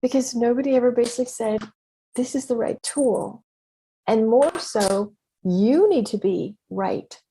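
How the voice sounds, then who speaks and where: A middle-aged woman hosting her own podcast, telling a story in a lively, conversational way with frequent exclamations and laughter. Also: a little high, measured pace, slight background noise. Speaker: podcast host and business mentor. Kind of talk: casual solo podcast monologue.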